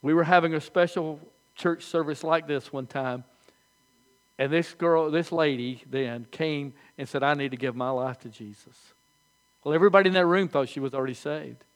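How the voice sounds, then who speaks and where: An older man preaching a sermon as pastor, telling folksy stories with animated, halting restarts. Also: a little high.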